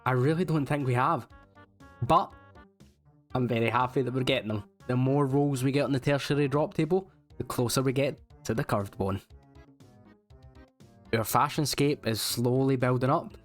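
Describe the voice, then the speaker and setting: A man's voice: mid-range voice, moderate pace, long pauses, faint music behind. A man narrating his game progress in a casual voice-over, wry and self-mocking. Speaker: gaming YouTuber.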